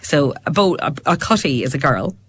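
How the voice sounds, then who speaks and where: A woman's voice: sits low, sing-song, moderate pace, fairly bright tone, husky, no room sound. Chatty woman with a Fermanagh accent. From Fermanagh, Northern Ireland. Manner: chatty storyteller, laughs often, quotes family. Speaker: radio guest commentator. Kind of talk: casual chat. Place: radio studio.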